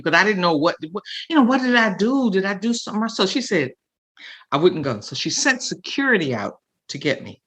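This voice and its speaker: An older woman, a guest comedian, telling a story with feeling and acting out other people's words in lively voices. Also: on the low side, fairly quick. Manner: animated storyteller acting out quotes. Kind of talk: emotional storytelling.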